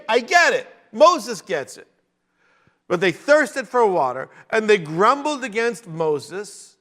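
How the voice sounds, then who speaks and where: A man teaching a verse-by-verse sermon, animated, with jokey asides. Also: sits high. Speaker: Bible teacher.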